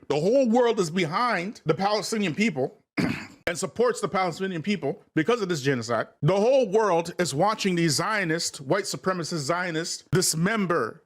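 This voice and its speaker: A man hosting a livestream commentary, talking in a preachy, repetitive way and calling his viewers family. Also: high voice. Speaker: host.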